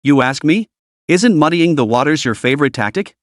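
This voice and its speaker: A man's voice: fairly high pitch, animated, fairly quick, no echo, clean studio sound, natural voice. A man voicing a cold, domineering sect leader woman. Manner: cold, sneering, commanding.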